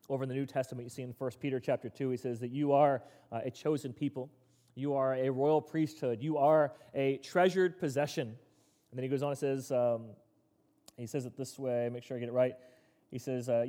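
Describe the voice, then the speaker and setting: A man preaching a sermon, telling Bible stories in a lively way and acting out the quoted lines. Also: mid-range voice, a little fast. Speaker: pastor. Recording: long reverb of a large hall.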